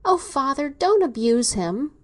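A woman's voice: sits high, lively intonation, slow pace, fairly bright tone, voice pushed up, exaggerated voice. A woman reading an audiobook, voicing a timid, devoted young daughter in an earnest, pleading way.

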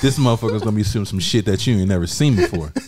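A man's voice: lowish voice, darkish tone. A man co-hosting a podcast, joking and teasing the guest in casual banter. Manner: teasing, joking, rapid-fire. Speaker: podcast co-host.

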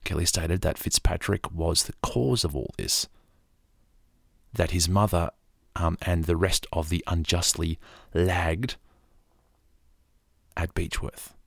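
An Australian man narrating a story in a calm, soft-spoken way for a podcast, with casual asides. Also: low-pitched, slow, vocal fry, long pauses, dry recording, studio quality.

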